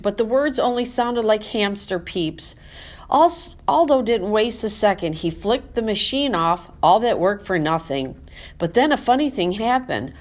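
Lively woman narrating a children's storybook. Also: medium pitch, normal speed. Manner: lively, expressive, animated. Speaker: audiobook narrator. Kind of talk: storybook narration in first person as a classroom hamster.

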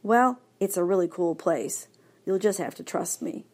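A woman's voice: fairly low pitch, normal speed, darkish tone. A woman voicing an eager young male dog. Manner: bouncy, enthusiastic.

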